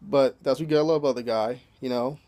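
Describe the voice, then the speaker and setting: A man's voice: medium pitch, fairly even intonation, fast, warm tone. A man casually recapping a TV episode in loose, profane talk, filling his sentences with "you know" and chuckling as he retells scenes. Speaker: TV episode reviewer.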